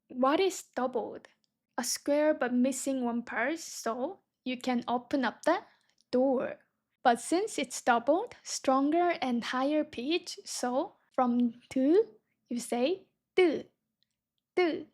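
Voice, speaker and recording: A young woman teaching a beginner Korean reading lesson, patiently sounding words out syllable by syllable. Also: high-pitched.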